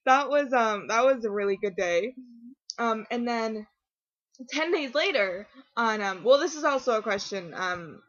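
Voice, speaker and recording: A teenage girl chatting casually to her camera at home, rambling and excitable, full of fillers and restarts. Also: fairly high pitch, moderate pace. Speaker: vlogger. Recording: dull lo-fi webcam audio.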